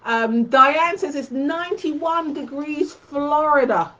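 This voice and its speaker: A woman's voice: high-pitched, slow pace, bright, forceful tone, dull audio. A woman hosting a quilting tutorial live stream, chatting casually and fondly with her viewers.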